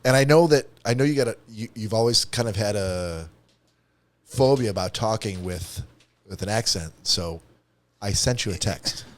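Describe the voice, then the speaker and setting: A man co-hosting a comedy podcast in casual chat, rambling and animated with lots of restarts. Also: lowish voice, moderate pace. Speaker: podcast co-host.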